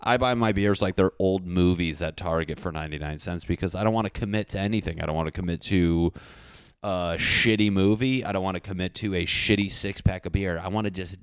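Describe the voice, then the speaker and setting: A man's voice: sits low, brisk, clean tone, no echo, studio quality. A young man hosting a casual podcast, rambling through jokes and rants in a self-deprecating way. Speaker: podcast host. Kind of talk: casual comedic podcast rant.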